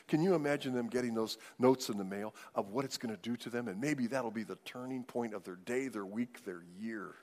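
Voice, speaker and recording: A man preaching a sermon as pastor, emphatic, swinging widely in loudness and pace. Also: mid-range voice. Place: church sanctuary. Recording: long hall reverb.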